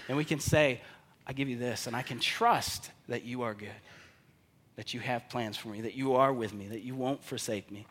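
A man preaching a sermon as pastor, animated, acting out stories and quotes in lively voices. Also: mid-range voice.

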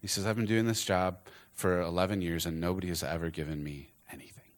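A man preaching, telling a story and acting out the characters' lines with lively energy. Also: sits low, quick pace. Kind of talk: storytelling sermon.

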